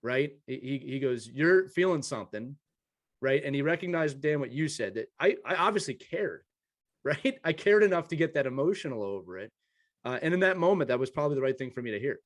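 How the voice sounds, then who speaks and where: A man's voice: mid-range voice, lively intonation, a little fast. A man hosting an interview podcast, telling personal stories earnestly with many restarts. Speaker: podcast host. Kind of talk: conversational interview.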